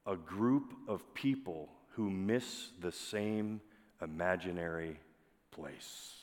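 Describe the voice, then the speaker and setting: A man with a fairly low voice preaches to his congregation in an easy, conversational way. He keeps asking the listeners questions as he goes. His voice carries a long reverb from a large church hall. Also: slow pace. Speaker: pastor. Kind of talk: sermon.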